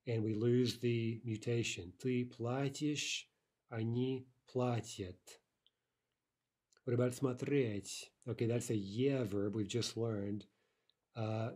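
A man teaching a recorded language lesson. He explains step by step, often asks "right?" and says the example words slowly and carefully. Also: mid-range voice, mellow, breathy edge.

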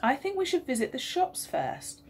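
A woman's voice: high voice, wildly swooping pitch, moderate pace, a little mellow, pitched above the performer's own voice, heavily acted. Woman doing an insistent headstrong mum. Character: headstrong mother who wants her way.

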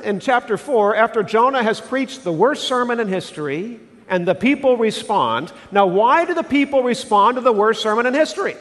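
A male pastor preaching a sermon in an animated way, putting questions to the congregation. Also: very high voice, in a large hall. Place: church sanctuary.

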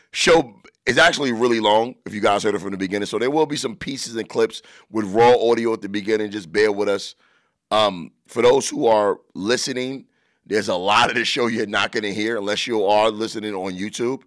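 A man's voice: lowish voice, a bit bright, dry recording. A man hosting a podcast alone, a comedian giving crude, joking commentary from his own studio. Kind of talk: casual podcast monologue.

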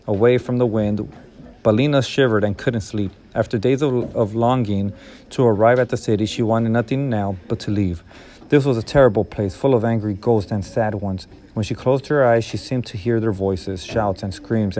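A man reading a novel aloud in a steady, measured storytelling manner. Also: fairly low pitch. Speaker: reader.

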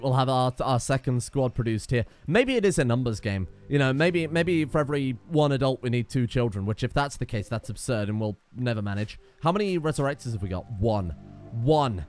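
A man's voice: mid-range voice, smooth. A man giving sarcastic, exasperated let's play commentary, swearing often, with faint music behind him. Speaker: gaming YouTuber.

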